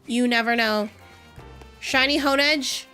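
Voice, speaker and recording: A young woman streamer in casual live-stream chat, excitable, swearing freely and laughing often. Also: on the high side, takes it slowly, faint music behind.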